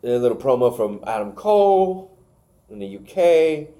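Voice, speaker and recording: A man's voice: on the high side, big pitch swings, normal speed, warm tone. A man co-hosting a podcast, casually recapping wrestling matches, rambling and stumbling over names. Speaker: podcast co-host.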